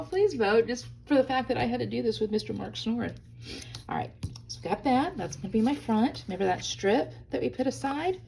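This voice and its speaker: A woman's voice: mid-range voice, creaky, dark tone, a little hiss or hum. A woman hosting a hands-on crafting tutorial from a hotel room, chatty and bubbly, talking straight to her viewers. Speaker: craft video host.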